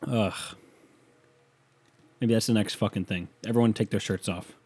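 A man's voice: lowish voice, steady tone, normal speed, a little mellow, slightly rough. A man delivering a profane, sarcastic comedic rant as a solo monologue.

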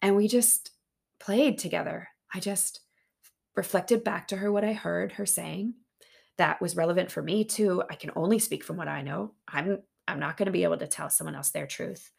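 Gravelly-voiced woman podcast host. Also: on the low side, moderate pace. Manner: earnest, open, excitable. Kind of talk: casual heartfelt monologue.

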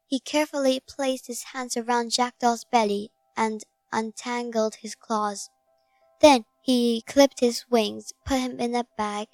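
A woman narrating a children's fable slowly and gently, recorded close on a dry mic. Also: on the high side, dry recording. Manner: slow, gentle storybook reading. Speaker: storyteller.

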